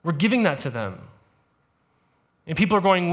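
A man's voice: high-pitched, big pitch swings, normal speed, a bit bright. A male pastor preaching a sermon in a conversational way, often checking in with "right?". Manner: conversational, peppered with "right?" asides. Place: church service.

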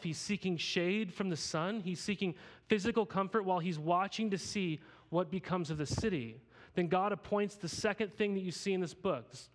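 A man in his thirties teaching a conversational sermon, often asking the audience rhetorical questions. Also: sits high. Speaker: pastor.

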